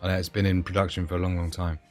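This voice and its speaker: Man, live-stream host, low voice, rambling, giggly, many fillers, faint background music. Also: level tone, quick pace, darkish tone. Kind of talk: casual live-stream chat.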